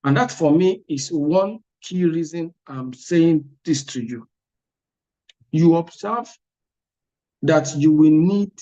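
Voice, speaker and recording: A man's voice: fairly high pitch, mellow, highs cut off. A man, an exam prep tutor giving a motivational class talk, emphatic and repetitive, often checking "are you with me?". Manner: emphatic, repeats words, asks "are you with me?".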